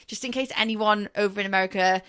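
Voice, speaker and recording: A young woman with a lilt, co-hosting a football podcast in a chatty, playful way. Her pitch sits in the middle for a woman. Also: quick pace, a bit bright, clear, resonant tone. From northeast England. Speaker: podcast co-host. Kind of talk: casual sports chat.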